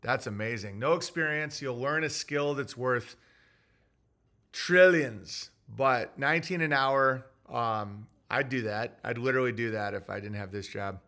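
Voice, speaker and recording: A man's voice: medium pitch, unhurried, pushed and bright. A man hosting a casual livestream, rambling offhand between topics and reading out viewer chat messages. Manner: rambling and offhand, with frequent fillers and restarts.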